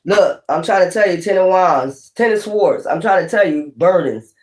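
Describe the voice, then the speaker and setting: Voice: mid-range voice, expressive, moderate pace, a little mellow. A tarot reader giving a casual spoken reading, rambling and profane, using streetwise slang and repeating points for emphasis.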